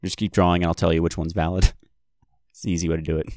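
Deep-voiced man explaining game rules. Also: flat delivery, rapid-fire, a little mellow, no room sound, clean studio sound. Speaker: player. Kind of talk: tabletop game chat.

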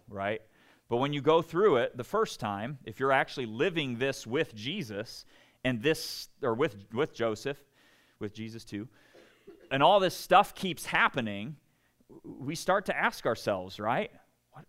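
A man preaches a sermon in a conversational style, as a pastor. He keeps asking "right?" and dramatizes quoted voices, swinging widely in pitch and loudness.

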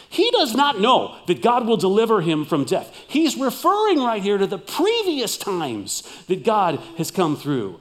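A male pastor preaching a sermon with dramatic delivery, swinging from loud emphasis to near whispers. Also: fairly high pitch.

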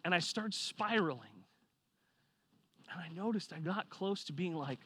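A man preaching a sermon, telling a personal story with lively swings from quiet reflection to loud excitement. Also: high voice, unhurried, long pauses, slightly rough. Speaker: pastor.

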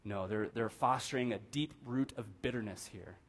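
A young man preaching in a church, talking to the congregation as if chatting with friends. He keeps checking in with them and acts out the people he quotes with lively pitch swings. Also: moderate pace. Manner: conversational, asks the room "right?" often, animated quoting. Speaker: pastor. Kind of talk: casual sermon. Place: church sanctuary.

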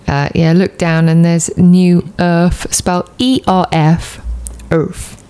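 A woman's voice: lowish voice, level tone, slow pace, dark tone, clean tone. A British woman co-hosting a podcast, chatting casually in a playful, teasing way. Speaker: podcast co-host. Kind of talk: casual chat.

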